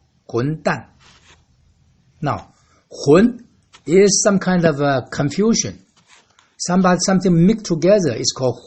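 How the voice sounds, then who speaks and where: A man whose first language is Mandarin Chinese, explaining words in a casual language lesson, slow and explanatory, with many fillers and repeated words. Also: husky. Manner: lively pitch, pronouncing Chinese words slowly. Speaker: teacher.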